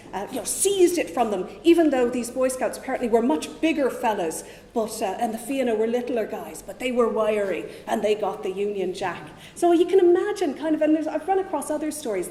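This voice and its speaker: A woman's voice: fairly high pitch, mellow, echoey room, in a large hall. A woman giving a chatty, digressive public history talk in a museum. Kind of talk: public lecture.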